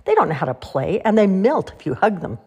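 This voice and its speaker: A woman reading aloud and voicing a small, stubborn boy owl with a high, squeaky, insistent voice. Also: very animated, brisk, a little mellow, slightly rough, muffled recording. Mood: disgusted.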